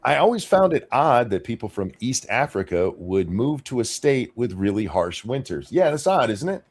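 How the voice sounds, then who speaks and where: A man hosts a casual live-stream talk show, his pitch moving in a lively way up and down. He is opinionated and reads out viewer comments. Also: normal speed. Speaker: show host reading chat.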